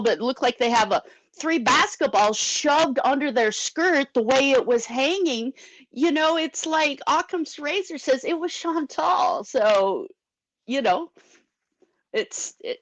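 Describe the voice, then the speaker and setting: A woman's voice: sits high, no room sound, poor audio. A woman giving opinionated casual commentary on a video call with other panelists. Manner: opinionated, chatty.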